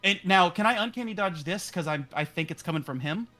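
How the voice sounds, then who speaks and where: A man's voice: high-pitched, animated, a little fast, sharp tone, soft background music. A man playing in a tabletop game, steadily explaining his moves and rules. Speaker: player.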